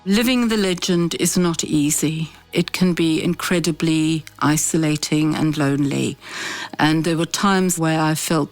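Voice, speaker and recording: Low-voiced woman recalling. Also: soft background music. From South Africa. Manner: thoughtful, measured, candid. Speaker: interviewee. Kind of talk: reflective interview testimony.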